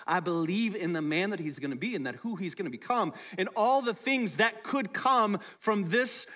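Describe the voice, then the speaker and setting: A middle-aged male pastor with a high, light voice, preaching in a relaxed, conversational way. He jokes with the congregation and keeps asking them questions. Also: normal speed, few pauses. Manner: conversational, playful, talks to the congregation. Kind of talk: sermon. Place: church service.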